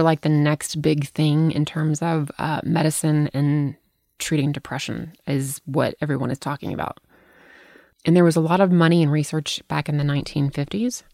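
A woman's voice: low-pitched, creaky, darkish tone, no echo, clean studio sound. A middle-aged woman hosting a podcast, talking frankly in casual chat, swearing freely as she tells stories. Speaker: podcast host.

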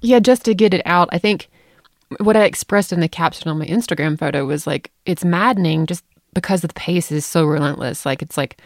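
Gravelly-voiced woman telling a story. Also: deep voice, normal speed, no echo, clean studio sound. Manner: animated, acts out quoted voices. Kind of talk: casual storytelling chat.

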